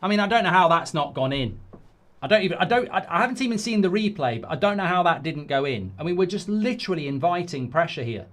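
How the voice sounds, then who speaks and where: Hosting a live football watchalong, a man rants at the game in exasperation, swearing and reading viewer comments aloud. His fairly bright voice sits high and sing-song, and he talks fast in this match reaction chat.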